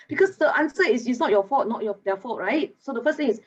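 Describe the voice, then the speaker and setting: A woman, speaking as an animated expert in an online masterclass and teasing her audience. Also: a little high, fairly quick, slightly rough, dull audio. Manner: animated, chatty, teasing, with local particles like lah. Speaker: guest speaker on mental wellness.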